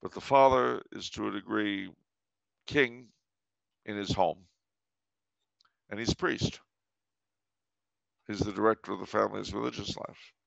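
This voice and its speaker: A man's voice: fairly low pitch, fairly even intonation, measured pace, vocal fry, long pauses, dry recording, highs cut off. A man hosting a podcast, telling a story with dry, wry commentary. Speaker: podcast host.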